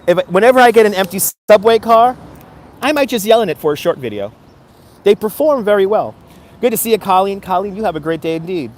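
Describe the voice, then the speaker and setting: Speaking at a quick clip in a high, animated voice, a cheerful man live-streams outdoors on a city street from his phone. He calls out viewers by name and motivates them in casual chat.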